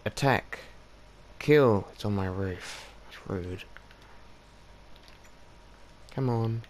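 A man's voice: sits low, fairly even intonation, measured pace, mellow, a little hiss or hum. A man casually commentating his own gameplay, chatting away and coaxing his in-game pets to follow him. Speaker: gaming channel host. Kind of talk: casual let's-play commentary.

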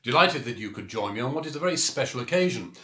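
A man's voice: mid-range voice, lively intonation, fast, fairly bright tone, roomy sound. A Yorkshire man doing a put-on posh southern English accent, speaking mock-formally to camera in a comic monologue that turns indignant and defiant. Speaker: vlogger.

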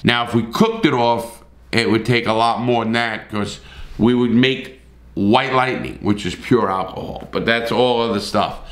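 A man's voice: mid-range voice, fairly bright tone, reverberant. A middle-aged man telling a story in a blunt, profane, casual way, with repeated starts.

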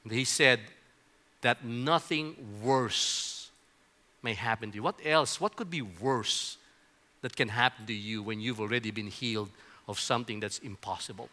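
Bright-voiced male pastor preaching. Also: medium pitch, normal speed. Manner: conversational storytelling, often repeats words in restarts. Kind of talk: sermon with personal story. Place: church auditorium.

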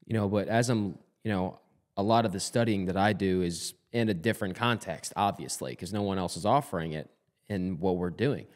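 Male podcast co-host, lower pitch, blunt and driven, casual talk with cursing. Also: fairly quick. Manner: fired-up, blunt, swears freely. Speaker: podcast co-host, former player and college coach.

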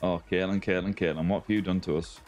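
An Australian man live-streams a game from his home setup with a ring light, chatting casually and greeting viewers by name as mate and buddy. His voice sits low and darkish with fairly even intonation, he talks quickly, and faint music plays behind him.

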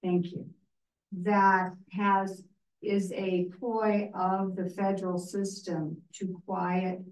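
A woman speaking slowly and hesitantly from a seat in a church class, picked up from across an echoey room. She pauses often as she searches for her words. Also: medium pitch, darkish tone. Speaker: class participant. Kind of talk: asking a question in a church class. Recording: echoey room, mic far off.

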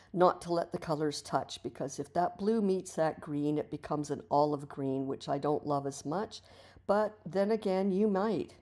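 Low mellow lady narrating an art tutorial, chatty, encouraging, lots of little restarts. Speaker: art teacher. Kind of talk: relaxed tutorial narration over painting.

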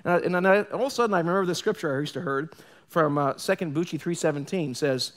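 Animated pastor preaching a live sermon. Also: male voice, fairly high pitch, fast talker. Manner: animated storytelling with joking asides and acted quotes. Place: church sanctuary.

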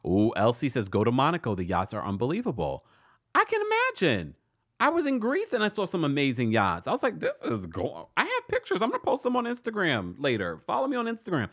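A man's voice: on the high side, huge pitch swings, normal speed, fairly bright tone. A man hosting a casual live-stream recap, reading viewer comments aloud and chatting with frequent laughs and asides. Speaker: recap show host reading live chat.

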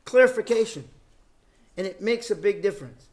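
High-pitched male preacher, measured delivery. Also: a bit bright. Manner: measured, repeats key phrases for emphasis. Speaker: Bible lecturer. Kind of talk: sermon.

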